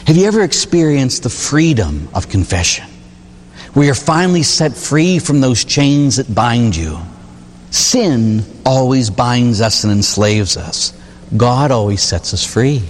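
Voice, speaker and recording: A Catholic priest preaching, emphatic and animated, with sudden leaps into high exclamations. His voice sits a bit high for a man and swings widely. A long hall reverb follows his words. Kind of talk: sermon.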